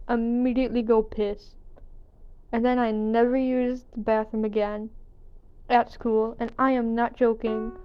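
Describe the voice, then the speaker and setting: A woman's voice: on the high side, lo-fi sound. A young woman telling an embarrassing story in a casual, self-deprecating way and swearing now and then, talking over her gameplay. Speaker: gaming vlogger.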